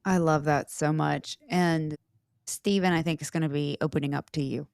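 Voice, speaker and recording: A woman's voice: deep voice, fairly even intonation, normal speed, creaky, darkish tone, clear, resonant tone, dry recording, clean studio sound. A woman podcast host and mother in casual chat, chatty and giggly, rambling as she talks. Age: adult with children.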